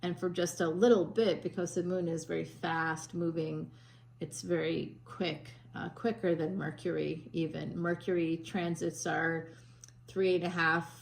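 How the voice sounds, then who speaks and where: A woman's voice: fairly low pitch, fairly even intonation, a little slow, gravelly, a little hiss or hum, poor audio. A woman psychic giving a chatty tarot reading, with a Northern US accent that slips toward Southern, full of fillers and restarts. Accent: Northern US, drifting Southern. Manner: chatty, warm endearments, frequent fillers and restarts.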